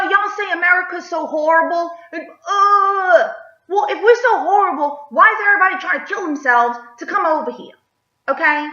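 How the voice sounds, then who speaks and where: A woman's voice: extremely high pitch, sharp tone. A woman vlogger delivering an emphatic opinion rant, firing rhetorical questions and tagging lines with "okay?". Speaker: political vlogger. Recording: echoey, slightly dull.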